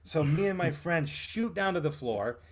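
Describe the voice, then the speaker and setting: A man's voice: fairly high pitch, normal speed. A man, a guest telling a story and acting out what people said. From Vermont, USA. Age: 50s. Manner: animated, acts out what others said. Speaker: guest actor and writer. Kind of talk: storytelling in a casual interview.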